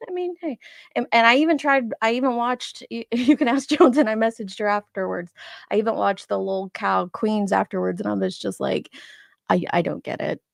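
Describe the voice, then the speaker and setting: A woman's voice: medium pitch, moderate pace, vocal fry, no echo, clean studio sound. A woman in her forties hosting a casual live stream, chatting and laughing as she greets viewers by name. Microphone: streaming setup microphone.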